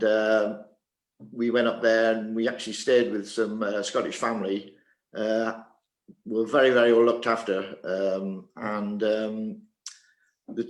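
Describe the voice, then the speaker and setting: A man's voice: lowish voice, echoey room, low-quality recording. An older man from England, a former table tennis player and coach, reminiscing in a Q&A in a hesitant way, with many fillers and restarts. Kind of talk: casual reminiscing in a Q&A.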